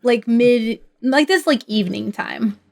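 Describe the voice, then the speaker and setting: Woman, game master, slightly higher voice, chatty narration full of fillers. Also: unhurried, vocal fry.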